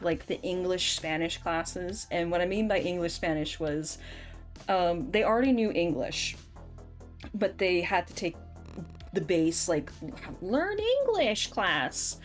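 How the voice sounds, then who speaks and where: Young female streamer, playful and chatty, slow drawl with a bouncy melody. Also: fairly low pitch. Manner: playful, laughs often, scolds in mock threats. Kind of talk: casual gameplay chat.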